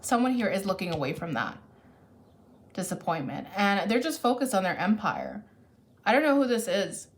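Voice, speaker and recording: With a medium pitch that swings widely, a woman reads tarot casually at a moderate pace, clearly caffeinated. She rambles in a chatty way, voicing her thoughts and backtracking to correct herself.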